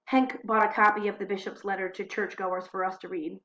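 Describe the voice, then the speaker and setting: A woman reading diary entries aloud at home into a computer mic, expressive, slowing and hushing for dramatic moments. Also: medium pitch, dull audio. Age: adult. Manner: expressive, slows and hushes for drama. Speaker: diary reader.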